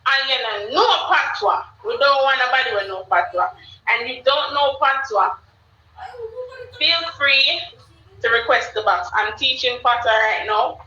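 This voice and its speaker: Hosting a live stream, a Jamaican woman chats loosely in a high, bright, forceful voice with lively intonation, talking a little slowly. She repeats herself and keeps calling out to the chat. The mic sounds roomy, distant, and dull, with a little hiss or hum.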